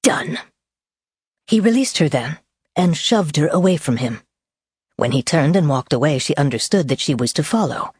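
Woman audiobook narrator, low, husky voice, dry close sound. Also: animated, darkish tone, no room sound. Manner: measured, deliberate storytelling.

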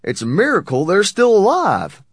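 A tall, blustering man, as a male narrator puts him on, exclaiming in a loud, raised voice. The recording is dry and close. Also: high voice, wildly swooping pitch, moderate pace, husky, no echo, pitched above the performer's own voice, exaggerated voice.

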